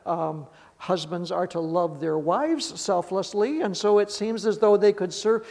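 Male pastor, high voice, preaching in a reverberant sanctuary, scripture reading mixed with casual asides. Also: vocal fry. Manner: reads scripture aloud, then explains in plain conversational asides. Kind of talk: sermon.

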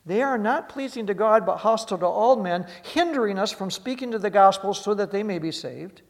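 High-voiced pastor preaching in a reverberant hall. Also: male voice, animated, brisk, hardly any pauses. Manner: reads scripture aloud, then explains in plain conversational asides. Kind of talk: sermon.

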